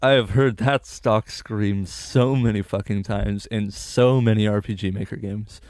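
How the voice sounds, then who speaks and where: A man's voice: fairly low pitch, fairly even intonation, a little slow, a little mellow, no echo, studio quality. A man casually commentating a game playthrough, reading its dialogue aloud with sarcastic, sweary asides. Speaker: game streamer. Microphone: desktop USB microphone.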